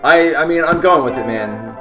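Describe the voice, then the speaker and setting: A man's voice: fairly high pitch, normal speed. A man live-streaming a game playthrough, reading the text aloud and joking about it between lines, talking to his chat. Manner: talks to chat. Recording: roomy echo with faint game music. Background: game music.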